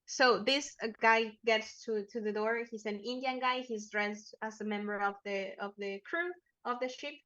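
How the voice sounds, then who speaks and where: Higher-voiced woman running a tabletop game. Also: a bit bright, highs cut off. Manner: narrates in a measured way, acts out characters. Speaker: game master.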